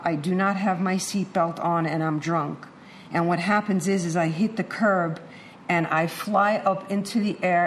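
A woman's voice: on the low side, slight background noise. A middle-aged woman giving a candid personal testimony to an audience, acting out the voices she quotes. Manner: candid, animated storytelling with acted-out quotes. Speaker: speaker sharing a recovery story.

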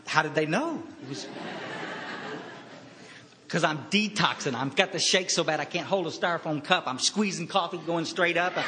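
A man's voice: a little high, noisy background. Man telling his story in a reverberant hall. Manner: halting, storytelling, quiet pauses. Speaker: recovery speaker. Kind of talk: personal recovery talk.

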